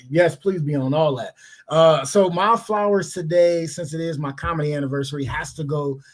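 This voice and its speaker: A man's voice: fairly high pitch, moderate pace. Laid-back man hosting a chat podcast. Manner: laid-back, slangy, reads out viewer comments. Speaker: podcast host. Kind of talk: casual chat.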